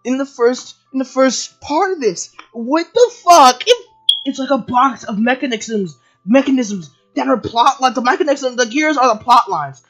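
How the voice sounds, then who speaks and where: High-voiced woman ranting in a profane fury. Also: expressive, normal speed, lo-fi sound, soft background music. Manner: profane, shouting, exasperated. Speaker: video commentator. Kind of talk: angry review rant.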